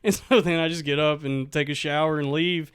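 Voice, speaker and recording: A man's voice: fairly high pitch, steady tone, a little fast, fairly bright tone, smooth, no echo, clean studio sound. A young man telling a comic story on a podcast, laughing often through his own account. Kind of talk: casual comedic storytelling.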